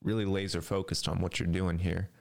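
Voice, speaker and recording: A man with a fairly low voice hosts a relaxed podcast chat. He rambles through his explanations and laughs easily. His talk stays loose and friendly. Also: a little fast, gravelly.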